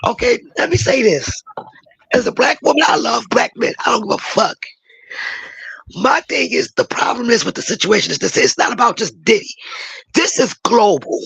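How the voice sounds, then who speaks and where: A hoarse woman with a raspy voice, a caller in a chat room giving an emotional, impassioned opinion and breaking into shouts. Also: a little high, animated, moderate pace, dry recording, low-quality recording. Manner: emotional, apologetic, bursts into shouting.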